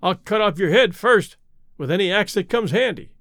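A petulant young boy king, haughty and quick to flare up, as a male reader puts him on. The voice sits high and swoops about. The sound is close and dry. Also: big pitch swings, no echo. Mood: indignant. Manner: haughty, hot-tempered.

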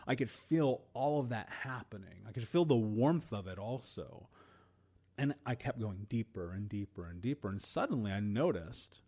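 A man hosting a podcast and telling a personal story in an earnest, emotional way, with deliberate pauses. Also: mid-range voice, a little mellow. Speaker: podcast host.

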